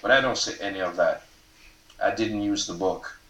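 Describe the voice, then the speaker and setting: A man, the author, reading aloud from his novel at a live event, expressive and casual, sometimes swearing and laughing at his own lines. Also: low voice, normal speed. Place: event stage before an audience. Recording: roomy hall, mic from far off.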